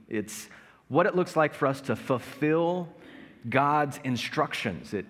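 A man in his thirties preaching a sermon as pastor, conversational and self-mocking, telling family stories. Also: mid-range voice. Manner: conversational, self-mocking humor with acted-out anecdotes. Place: large church worship space. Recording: long hall reverb.

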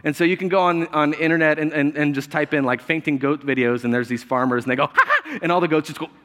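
A man delivers a casual, humorous sermon, laughing easily and stumbling over restarts. His voice sits a little high for a man. The sound carries a long reverb, as in a church sanctuary. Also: steady tone, quick pace, fairly bright tone. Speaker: pastor.

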